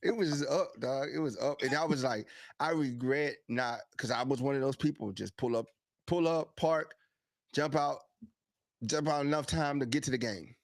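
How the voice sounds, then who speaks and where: A man co-hosting a live podcast, animated and quick to hype things up as he tells stories and gives shout-outs. His voice sits at a middle pitch. The recording is dry and close, with little room sound. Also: no room sound. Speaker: podcast co-host. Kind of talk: casual live-stream chat.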